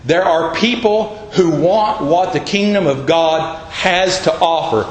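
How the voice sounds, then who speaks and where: A man's voice: a little high, slow pace, roomy sound, slight background noise, rough recording. A man pastor preaching a sermon, putting rhetorical questions to his congregation in a church.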